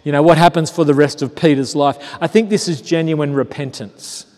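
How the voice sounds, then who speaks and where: A man preaching a sermon, telling the story conversationally with rhetorical questions, sometimes animated and sometimes hushed. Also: fairly high pitch, fairly quick. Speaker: pastor. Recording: long hall reverb.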